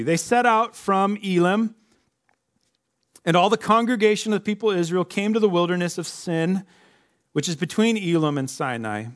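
Man, pastor, sermon, conversational, slightly higher voice, acts out quotes.

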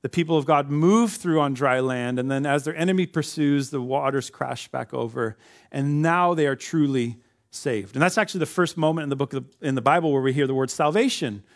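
A man's voice: mid-range voice, a little fast. A man preaching a sermon in a conversational way, acting out the voices of the people he quotes. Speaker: pastor.

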